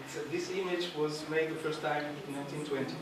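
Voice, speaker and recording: A man giving a public lecture in a hall, halting and searching for words, with many fillers. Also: fairly high pitch, steady tone. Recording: echoey hall, distant, noisy.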